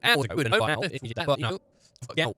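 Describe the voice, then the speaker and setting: A man acting out a tired delivery worker who mumbles excuses in a soft, low, quick ramble. It is a lightly put-on everyday voice with a bright edge. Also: sing-song, no echo. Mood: excusing.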